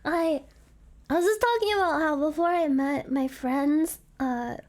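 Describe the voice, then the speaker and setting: Woman streamer, squeaky-high voice, unhurried, giggly and rambling, hiccuping. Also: darkish tone. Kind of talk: casual live stream chat.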